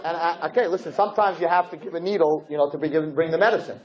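A male rabbi delivers a lively storytelling sermon to an audience, acting out the people he talks about. His voice sits slightly high for a man. A faint hiss runs underneath the recording. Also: fast, muffled recording, a crowd in the background. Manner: animated, acts out characters' voices. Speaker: rabbi giving a talk.

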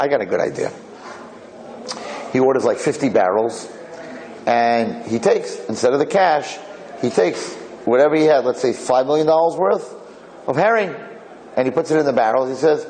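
A man tells a long folk parable in a rambling, digressive way, acting out the different characters in their own voices. His voice is mid-range and a little mellow, and the recording quality is low.

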